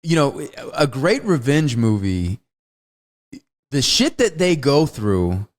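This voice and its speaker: Male podcast co-host, mid-pitched, animated delivery, swerves into acted movie lines. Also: slow pace. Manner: animated, acts out movie lines in big shifting voices. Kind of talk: casual film discussion.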